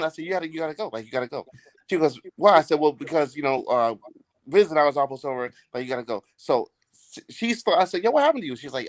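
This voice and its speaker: A man's voice: on the high side, lively intonation, fast talker, no echo. A man telling a long, profane story in casual podcast chat, laughing as he goes.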